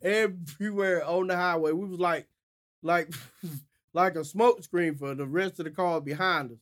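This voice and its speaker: A man's voice: sits high, unhurried. A man telling funny stories in casual chat, laughing as he talks. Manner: animated storyteller who laughs mid-sentence.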